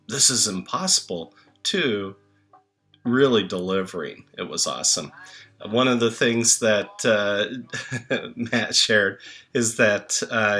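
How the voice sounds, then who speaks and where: Man, slow halting delivery, lowish pitch, bright forward tone, memorial tribute. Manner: slow, halting, many filler pauses. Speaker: channel host reading tributes. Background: soft music.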